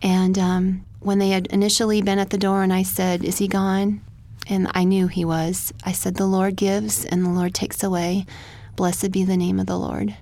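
A woman telling a personal story of loss as a radio guest, soft-spoken and halting, sometimes dropping to a whisper. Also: medium pitch, little pitch movement. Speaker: guest, military widow.

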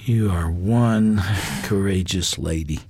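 Deep, mellow radio host voice. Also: takes it slowly, husky, no echo. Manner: gentle, encouraging, prayerful. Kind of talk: interview on a radio broadcast.

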